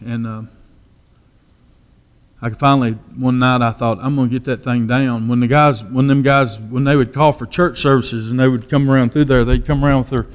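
A man's voice: mid-range voice, fairly even intonation, moderate pace. Folksy man telling his testimony. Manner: folksy storytelling, drops to a hush for quoted thoughts. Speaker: preacher giving his testimony. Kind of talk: testimony sermon.

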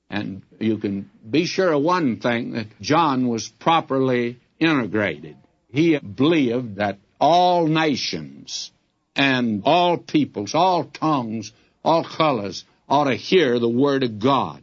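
Preacher, male, husky voice, animated delivery, dull lo-fi old recording. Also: mid-range voice, unhurried. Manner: earnest, folksy direct address to listeners. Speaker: Bible teacher. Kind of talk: radio Bible teaching.

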